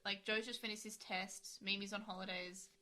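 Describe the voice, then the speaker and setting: A woman co-hosting a podcast in easy, casual chat. Her voice is bright and clear, and she gushes with enthusiasm as she recaps. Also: mid-range voice, level tone, normal speed. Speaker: podcast co-host.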